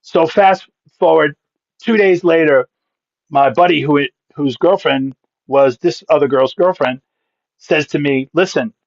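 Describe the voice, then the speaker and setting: Pastor-comedian guest from Massachusetts, lively punchy storyteller, slightly high-pitched, dry and muffled mic. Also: male voice, dry recording. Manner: animated, punchy comic delivery with quick asides. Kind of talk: comic storytelling in a podcast interview. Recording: dull, dry sound.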